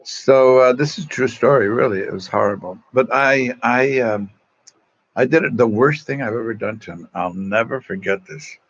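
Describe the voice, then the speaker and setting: A man's voice: mid-range voice, normal speed, lo-fi sound. A man from East Los Angeles, a Salesian religious brother, telling self-mocking stories and greeting viewers on a livestream from a phone propped at an angle. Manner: chatty, self-mocking, reads out viewer comments. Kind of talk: casual storytelling to online viewers.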